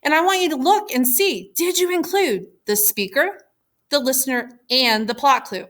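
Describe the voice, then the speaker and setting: A woman teacher giving a recorded lesson, explaining clearly and patiently. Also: high voice, normal speed, fairly bright tone.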